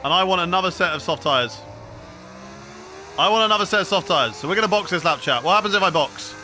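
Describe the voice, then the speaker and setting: A man from the UK streaming a racing game live, chatty and excitable, reading his chat aloud as he commentates. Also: sits high, fast, a little hiss or hum. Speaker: gaming streamer.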